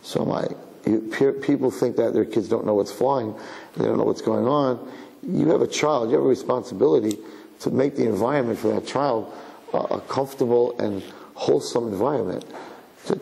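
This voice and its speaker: A rabbi talks to his audience in a lively, conversational way, often slipping into acted voices. His mid-pitched voice has a gravelly, creaky texture. The recording has a long hall reverb and faint background noise. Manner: animated storyteller, acts out voices. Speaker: rabbi lecturing. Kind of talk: conversational sermon.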